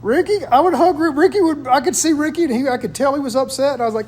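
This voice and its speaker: A man with a voice pitched high for a man talks through personal stories in a relaxed conversational chat. He sounds earnest and reflective as he shares them. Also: fast. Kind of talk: casual chat.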